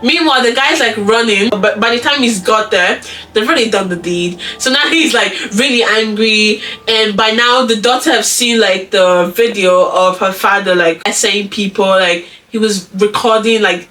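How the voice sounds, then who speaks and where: A woman's voice: mid-range voice, bright, forceful tone. A woman vlogger recapping a show in a casual, chatty way, using lots of fillers. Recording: distant mic, faint music behind.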